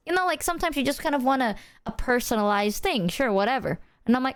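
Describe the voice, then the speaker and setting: Bubbly high-voiced woman streamer. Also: fast talker, few pauses, smooth. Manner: animated, exaggerated retelling, swears freely. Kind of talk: casual storytelling to chat.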